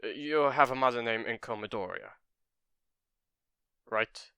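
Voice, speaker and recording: A man voicing a formal adult male police officer speaking in a measured way. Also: medium pitch, gravelly, pushed and bright, smooth, no echo, studio quality.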